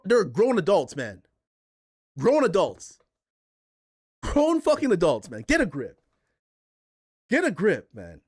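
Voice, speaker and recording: A man hosting a casual gaming podcast, ranting in heated, profane bursts and repeating himself for emphasis. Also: very high voice. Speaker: podcast host.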